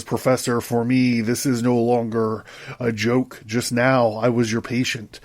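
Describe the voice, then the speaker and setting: A man reading a book aloud on his podcast, acting out the quoted characters and then breaking off to comment casually. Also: mid-range voice. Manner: voices the characters' quoted lines, breaks off to joke and laugh. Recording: equipment sound problems.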